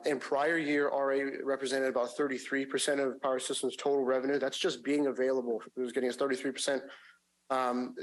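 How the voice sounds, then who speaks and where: A man's voice: medium pitch, rough recording. Man presenting financials at a public meeting. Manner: measured, frequent fillers and restarts. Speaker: agency finance staff presenting a report. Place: public agency meeting room.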